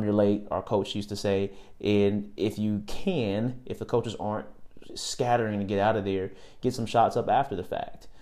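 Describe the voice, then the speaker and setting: A man's voice: on the low side, dark tone. A man hosting a podcast, giving basketball tryout tips in a direct coaching manner and repeating key words. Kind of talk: casual advice monologue.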